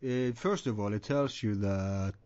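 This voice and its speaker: A man's voice: fairly low pitch, unhurried, a little mellow. Host guy asking questions, lots of hmms and okays, muffled lo-fi sound. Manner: brief prompts and listening noises. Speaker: podcast interviewer. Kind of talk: casual interview. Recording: dull lo-fi audio.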